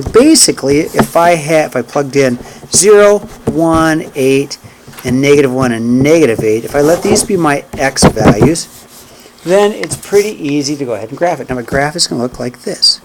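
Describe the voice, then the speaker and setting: Over a noisy background, a man with a fairly high voice lectures a math class. As he graphs he counts the points and steps out loud, frequently asking "okay?" and "right?"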